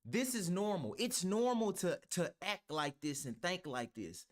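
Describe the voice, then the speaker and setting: A man's voice: high-pitched, big pitch swings, a little slow. A man reacting to a clip, heated and argumentative, talking with heavy profanity. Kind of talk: ranting reaction commentary.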